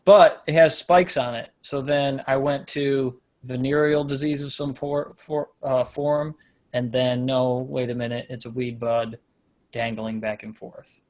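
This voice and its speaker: A man's voice: medium pitch, fairly even intonation, unhurried, darkish tone. A man hosting a casual comedy show, rambling through jokey stories and often losing track of his point. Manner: rambling, self-deprecating, loses his point. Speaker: podcast host.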